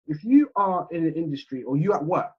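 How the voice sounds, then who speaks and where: A man's voice: a little high, expressive, brisk, slightly rough. A man with an English accent giving a seminar lecture over a video call, in a chatty, conversational way that keeps checking in with his listeners. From England. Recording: muffled video call audio.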